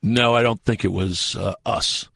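The voice is on the low side, unhurried, creaky and slightly rough, recorded with no room sound. It belongs to a researcher on a radio show as a guest, telling a long story in a casual, animated way, acting out quotes amid frequent fillers and restarts.

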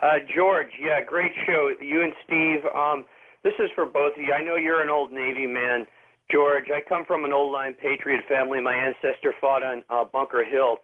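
A man's voice: mid-range voice, fairly even intonation, normal speed. A man calling in to a radio show, earnest and hesitant, with many fillers. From Boston area. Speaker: caller. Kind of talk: call-in radio. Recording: tinny phone line.

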